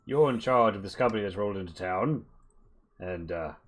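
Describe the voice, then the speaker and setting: A man voicing a large, gruff male bugbear mercenary captain who talks bluntly and boastfully. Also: on the low side, expressive, a little fast, fairly bright tone, soft background music.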